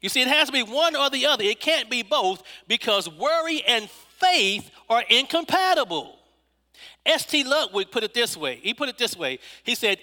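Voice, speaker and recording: A man's voice: very high-pitched, big pitch swings, normal speed, sharp tone, big-room sound. A man preaching a sermon in a rhythmic, repetitive cadence from a church.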